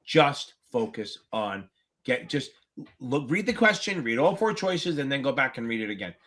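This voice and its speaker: A man's voice: mid-range voice, sing-song, normal speed, fairly bright tone. A man tutoring exam candidates on a livestream Q&A, speaking bluntly and with frequent swearing. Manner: blunt, profane, emphatic. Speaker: exam tutor hosting a live Q&A. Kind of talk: livestream Q&A chat.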